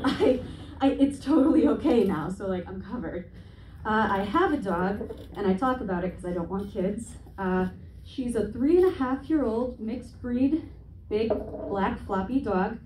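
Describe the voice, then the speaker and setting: Brief: woman stand-up in her twenties, wry and profane, mellow tone, off-mic in an echoey club with faint room hum. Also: mid-range voice. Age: 20s. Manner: self-deprecating, profane, wry asides. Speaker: stand-up comedian. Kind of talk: stand-up comedy set. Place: comedy club stage. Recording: echoey room, heard from a distance.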